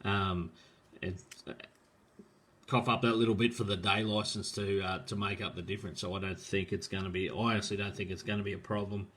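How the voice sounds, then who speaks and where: Male host, casual live-stream chat, rambling and friendly, bright tone. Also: fairly low pitch, level tone, brisk, husky. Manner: rambling, filler-heavy, friendly, calls people mate. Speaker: host of a live drag racing show.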